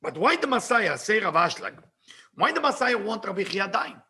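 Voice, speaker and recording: A man teaching Kabbalah, retelling a story with lively swings between shouting and near-whispers, reading passages aloud in fast Hebrew and then translating them. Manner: animated, bursts into shouting at dramatic moments, then drops low.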